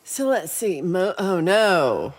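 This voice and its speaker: A woman's voice: lowish voice, very animated, slow pace. A woman hosting a music livestream, chatting casually, laughing often and reading out comments from the chat. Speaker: livestream singer-songwriter host. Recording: faint guitar music behind.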